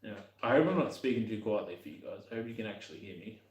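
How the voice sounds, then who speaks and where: A man's voice: on the low side, very animated, very fast, roomy sound, rough recording. A young man casually talking while working on his motorbike, rambling and muttering to himself with the odd swear.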